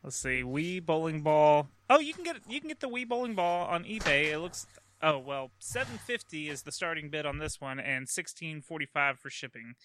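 A man's voice: fairly high pitch, expressive, normal speed, fairly bright tone. A man hosting a casual gaming podcast, laughing often as he chats. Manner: laughs often, wraps up the show. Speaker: podcast host. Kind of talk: casual chat.

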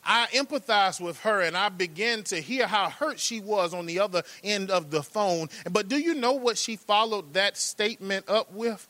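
A man's voice: high-pitched, moderate pace, few pauses, sharp tone, no room sound. A man preaching a sermon, rhythmic and emphatic, repeating phrases, drawing out words, and turning to the congregation with folksy asides.

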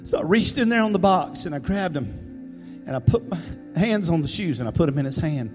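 A male pastor telling a personal story in a conversational, animated sermon style. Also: fairly high pitch, fairly quick. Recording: reverberant hall, faint music.

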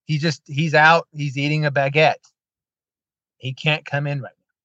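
A man's voice: on the high side, little pitch movement, unhurried, sharp tone, no room sound. A man hosting a podcast, telling a story in casual chat and acting out the quoted lines, with sarcastic asides. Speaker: podcast host. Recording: dull lo-fi dry sound.

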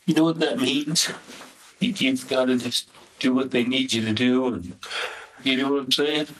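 A man's voice: medium pitch, normal speed, a bit bright, a little hiss or hum, rough recording. A man, a father, urging his son in a repetitive, pleading way. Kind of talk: pleading conversation.

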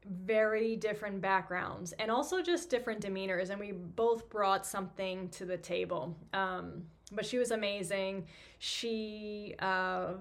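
A woman's voice: mid-range voice, fairly bright tone. A woman, hosting a podcast and casually telling a story about her career, chatty and self-deprecating with lots of fillers. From New York. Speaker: podcast host, physical therapist.

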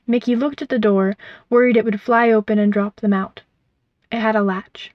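A woman reading a storybook aloud in a gentle, measured, vivid way, in a dull, dry recording. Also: fairly high pitch, steady tone, no echo. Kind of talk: scripted storybook narration.

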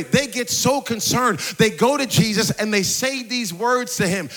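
High-voiced pastor preaching. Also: male voice, a little slow, hardly any pauses. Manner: animated, conversational preaching with playful asides. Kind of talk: sermon. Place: church sanctuary before a congregation.

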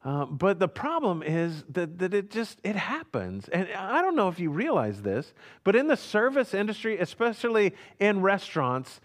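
A man with a notably high voice tells a personal story in a loose, conversational monologue. He is from Houston, Texas, and he is earnest. He often circles back and restarts his sentences. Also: big pitch swings, normal speed, hardly any pauses. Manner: earnest, with frequent restarts and short laughs. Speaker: speaker telling a personal story.

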